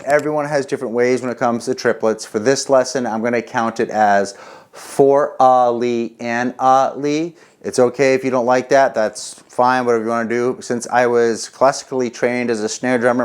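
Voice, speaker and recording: A man teaching a casual drum lesson, chatty and relaxed, counting rhythms out loud. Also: mid-range voice, fairly quick. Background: drum kit playing.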